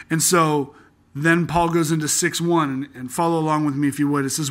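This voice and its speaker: A man hosting a casual Bible-study podcast, talking earnestly and conversationally, slowing down to read scripture aloud. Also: on the high side, flat delivery, fairly bright tone. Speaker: podcast host teaching through a Bible book.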